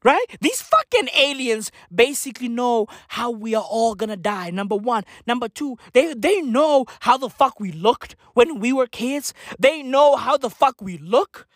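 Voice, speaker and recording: High-voiced woman in a frantic comic rant. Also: lively intonation, measured pace, hardly any pauses, dry recording, clean studio sound. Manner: profane, frantic, shouting at times.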